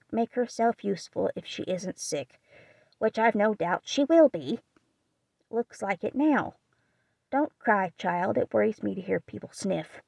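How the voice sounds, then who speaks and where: A woman playing a gruff scolding old aunt. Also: mid-range voice, dry recording. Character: gruff sharp-tongued rich old aunt.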